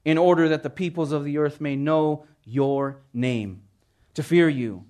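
A man's voice: a little high, a little slow, a little mellow. A man preaching a sermon as pastor, earnest and emphatic, reading scripture in a pleading tone.

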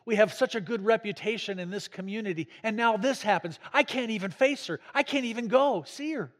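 A man's voice: high-pitched, a little fast, voice pushed up, natural voice. A man voicing an angry, ashamed husband with an indignant, rising complaint, in an echoey hall.

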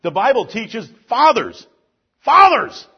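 A man's voice: high-pitched, expressive, moderate pace, breathy edge, highs cut off. A man preaching a sermon as pastor, building emphasis through repeated lists.

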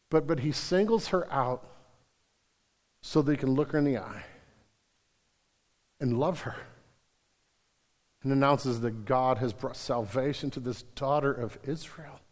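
A man preaching a sermon in a church sanctuary, his slightly high voice ringing with a long hall reverb. He drops to near-whispers, then builds to loud, emphatic declarations, often repeating words as he stresses a point. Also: lively intonation, moderate pace. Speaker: pastor.

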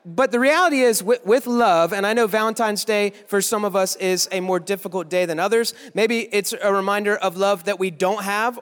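A man's voice: high-pitched, clear, resonant tone. Playful young man preaching in an echoey hall. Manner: playful, teasing, quick asides to the crowd. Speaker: youth pastor. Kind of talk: joking youth sermon. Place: large worship hall with a live audience.

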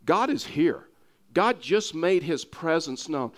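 A man's voice: a little high, very animated, slow. A man with a Texas accent preaching a sermon, earnest, often repeating and restarting words for emphasis.

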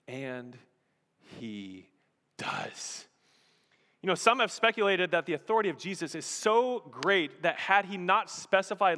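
Male pastor, sermon, high voice, dramatic low-to-loud delivery, long hall echo. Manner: dramatic storytelling, dips low and quiet then swells loud. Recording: long reverb of a large hall.

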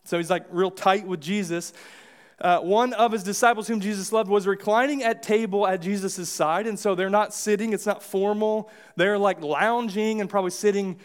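An American man preaching a sermon in a church, speaking in a high-pitched voice. He keeps it casual and conversational, stopping to restart his sentences and acting out little scenes as he goes. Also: steady tone, moderate pace. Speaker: pastor. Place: church sanctuary.

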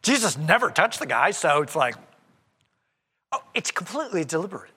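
A male pastor preaching a conversational sermon, animated and acting out the voices in the story. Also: sits high, normal speed, slightly rough, in a large hall. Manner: animated and conversational, acts out quoted speech.

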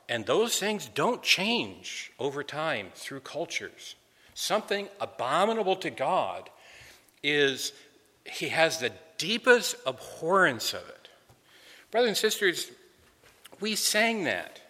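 A man's voice: a little high, sing-song, slow pace, sharp tone, long reverb tail. A man preaching an earnest expository sermon, often repeating words as he restarts a phrase.

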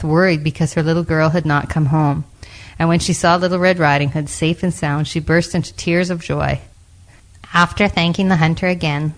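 A woman reads a children's storybook aloud in a gentle, expressive and measured way. Her voice is unusually low for a woman. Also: poor audio.

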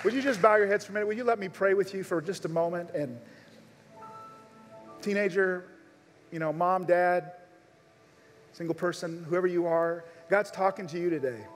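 During a live church service, a pastor with a voice that sits high speaks at normal speed, pausing often, as he makes earnest, urgent appeals to those listening. Faint music plays behind him, and the large hall gives a long reverb.

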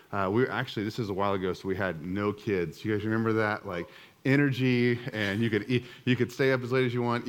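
A man's voice: fairly low pitch, clean tone. A man in his thirties telling a personal story to a church group, casual and self-mocking, full of fillers and restarts. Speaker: church speaker.

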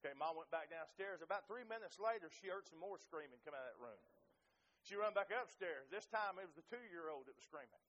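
Middle-aged male pastor, high voice, earnest and repetitive, on a dull, muffled recording. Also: expressive, brisk, a bit bright. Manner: earnest, repetitive preaching with direct appeals to listeners. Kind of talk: sermon.

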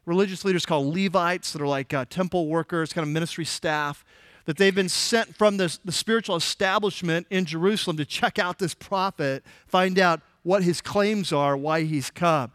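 A man's voice: sits high, normal speed, fairly bright tone, no room sound, studio quality. A man preaching an expository sermon, retelling scripture in a conversational, everyday way. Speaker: pastor.

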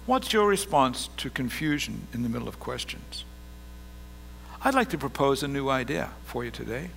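A man's voice: mid-range voice, very animated, moderate pace, vocal fry, a bit bright, slight background noise. A middle-aged man preaching a sermon as pastor, earnest and rising to emphatic bursts.

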